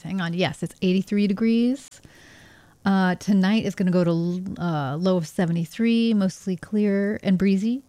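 A woman's voice: mid-range voice, measured pace, mellow, no room sound. Chatty radio DJ woman, light Texas twang. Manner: chatty, laughing, loose and playful. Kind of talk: casual community radio hosting.

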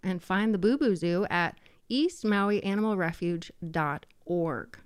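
A woman's voice: lowish voice, unhurried, clean tone, no echo. A woman hosting a local radio show, chatting playfully and teasing her co-host between songs. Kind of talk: casual radio chat. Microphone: studio microphone.

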